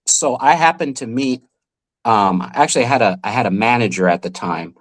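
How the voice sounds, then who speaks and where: A man, a magician, telling a lively story in a podcast interview and acting out the people he quotes. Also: mid-range voice, brisk. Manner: animated storyteller who acts out the people he quotes. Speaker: magician guest.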